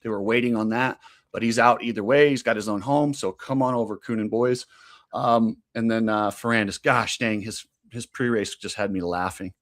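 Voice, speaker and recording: A man co-hosting a casual motocross talk show, opinionated and quick to laugh. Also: on the low side, steady tone, a bit bright. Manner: chatty, opinionated, laughs easily. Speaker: podcast co-host.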